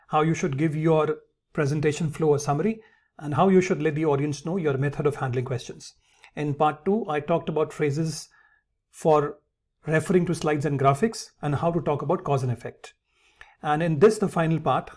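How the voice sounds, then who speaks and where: A man's voice: on the high side, a little mellow. A man teaching English phrases in an instructional lesson, calling his viewers friends and reading example sentences aloud.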